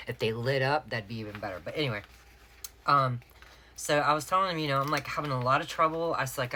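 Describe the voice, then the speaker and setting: A middle-aged woman tells a personal story straight to her viewers, calling them y'all. Her voice sits very low for a woman, yet it comes across bright and forceful. She sounds chatty and candid throughout. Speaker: planner sticker vlogger.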